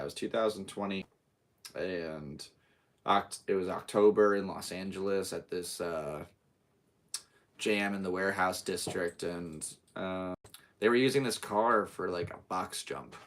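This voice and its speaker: A young man with a deep, low voice and a gravelly edge, hosting a live podcast from his home. He talks in a loose, rambling, upbeat way, hopping between topics as they come to him, and he sounds like he is speaking into a laptop. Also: fairly bright tone. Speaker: podcast host. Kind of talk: casual live podcast chat.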